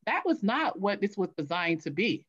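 A woman's voice: medium pitch, normal speed, dull audio. A woman guest telling stories in an interview, acting out what she and others said. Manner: animated, acts out her own past voice. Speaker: guest, author. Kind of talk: interview storytelling.

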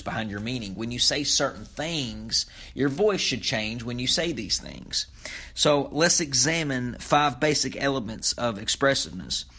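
A man's voice: medium pitch, pushed and bright. Man explaining public speaking, conversational. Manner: conversational, with frequent fillers and self-corrections. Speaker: podcast host teaching public speaking. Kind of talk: informal spoken lesson.

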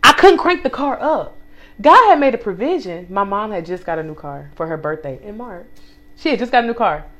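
A young woman co-hosting a casual faith podcast tells a personal story with emphasis, speaking directly to listeners and acting out what people said. Her medium-pitched voice moves at a brisk pace in this animated storytelling.

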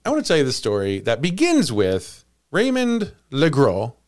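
A man's voice: medium pitch, huge pitch swings, normal speed, darkish tone. A man hosting a comedy podcast, telling a story in playful casual chat and laughing often. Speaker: podcast host.

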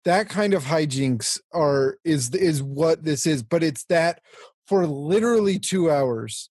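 An upbeat man with a raspy voice, pitched a bit high, recounts favorite scenes in a casual chat. The sound is dry and close to the mic. He speaks with steady enthusiasm. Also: slow pace, dry recording. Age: adult. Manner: enthusiastic, breaks into laughter while recounting scenes. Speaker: podcast co-host. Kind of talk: casual chat about a film.

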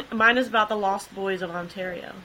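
A woman co-hosting a podcast, telling a case in a chatty, relaxed way with easy laughs and fillers. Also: mid-range voice, normal speed, crowd noise, low-quality recording. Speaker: podcast co-host. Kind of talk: casual chat, telling a case.

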